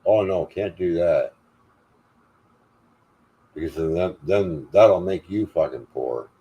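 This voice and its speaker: An older man with a low-pitched voice rants on a livestream. He swears constantly and sounds defiant and furious, hammering every point home. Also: slow pace, warm tone, muffled recording. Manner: angry, profane, defiant. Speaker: livestream host. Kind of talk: angry profane rant.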